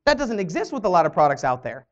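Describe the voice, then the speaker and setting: A woman's voice: fairly low pitch, fast talker. A woman trainer telling a motivational story and acting out the quoted dialogue. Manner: animated, acts out quoted dialogue. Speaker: network marketing trainer. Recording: dull lo-fi audio.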